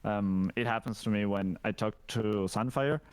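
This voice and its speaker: A man's voice: lowish voice, normal speed, smooth, no room sound. A man from Argentina with an Argentine Spanish accent, chatting easily as a podcast guest and laughing readily. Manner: easygoing, agreeable, laughs readily. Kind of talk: casual chat.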